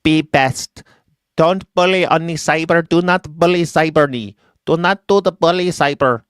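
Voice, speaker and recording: A man's voice: on the high side, measured pace, fairly bright tone, clean tone, no echo, studio quality, voice pushed up. A man doing a stilted, broken-English impression of a former first lady. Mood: deadpan.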